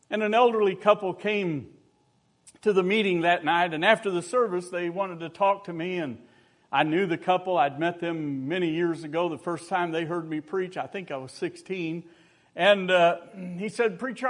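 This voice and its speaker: An older man preaching a sermon, telling folksy personal stories with humor and rising exhortation. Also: fairly high pitch.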